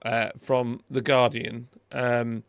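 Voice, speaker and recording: A man's voice: medium pitch, little pitch movement, takes it slowly, gravelly, clean tone, no echo. A middle-aged British man hosting a car video, chatting casually and wryly over a screen recording, with many fillers and restarts.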